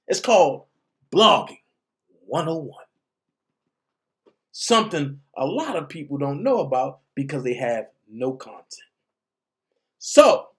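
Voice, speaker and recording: A man speaks in loose, slangy commentary, taking his time over every phrase. His pitch rises and falls freely, and he switches into reading court papers aloud before stepping back to react. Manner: animated, slangy, reads documents aloud. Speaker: commentary vlogger. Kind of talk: casual commentary.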